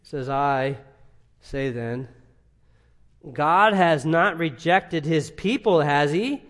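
A man preaching an expository sermon, asking rhetorical questions and swinging between loud emphasis and quiet asides. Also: a little high, expressive, slow pace. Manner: emphatic, rising and dropping in volume, rhetorical questions. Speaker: pastor.

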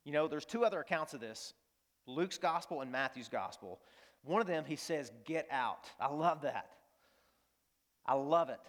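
A man's voice: fairly high pitch, animated, normal speed, long pauses, fairly bright tone. A man preaching a sermon as a pastor. He speaks emphatically and repeats key phrases while he tells stories.

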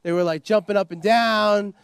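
A man's voice: high voice, fairly even intonation, normal speed, creaky, clear, resonant tone, no echo. A man giving a rambling personal testimony as an interview guest, full of "you know" and "like.". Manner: rambling, repeats himself, lots of "you know" and "like". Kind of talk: personal testimony, casual storytelling.

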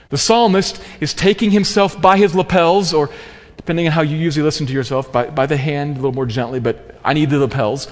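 A man preaching a sermon in an earnest, emphatic way, slowing down to stress key phrases. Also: a little high, fairly even intonation. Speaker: pastor. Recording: long hall reverb.

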